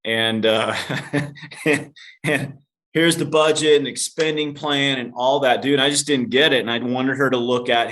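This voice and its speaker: A man's voice: medium pitch, steady tone, measured pace, fairly bright tone. A man, a podcast guest, telling a candid, self-deprecating story in casual conversation.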